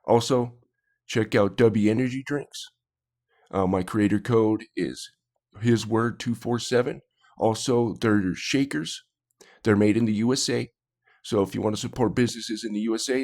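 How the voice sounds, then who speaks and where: A man with a lowish voice talks in a loose, casual way as he hosts a reaction video. He drops quick asides and small apologies between comments, and he sounds relaxed and unscripted. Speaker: reaction channel host.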